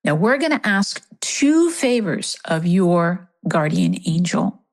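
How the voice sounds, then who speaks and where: A middle-aged woman leading a guided meditation and prayer, speaking softly and reverently. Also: fairly low pitch, big pitch swings, takes it slowly. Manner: soft, reverent, emotional at times.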